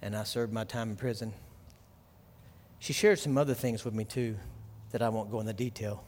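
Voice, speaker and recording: A man's voice: lowish voice, steady tone, moderate pace. Fervent preaching man in a reverberant hall. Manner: storytelling, dropping to a hush for sad parts, building to loud fervent preaching. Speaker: pastor. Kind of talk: sermon.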